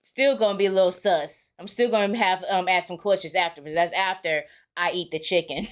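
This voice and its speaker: A woman's voice: on the low side, steady tone, brisk. A woman hosting a reaction video, chatting casually with laughing asides.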